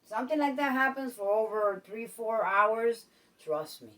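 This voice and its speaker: A woman from Puerto Rico chats her way through a home advice vlog. Her voice is fairly high and a little far from the mic. She is repetitive and keeps asking her viewers "okay?". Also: measured pace, a bit bright. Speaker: vlogger. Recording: voice a bit distant from the mic.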